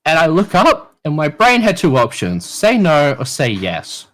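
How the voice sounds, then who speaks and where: A man with an Australian accent, a podcast guest telling a crude story in a casual, lively way and swearing often. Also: fairly high pitch, a little slow.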